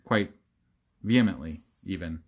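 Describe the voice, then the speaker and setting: A man's voice: low-pitched, measured pace. Laid-back sarcastic man co-hosting a podcast. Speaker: podcast co-host. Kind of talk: casual chat.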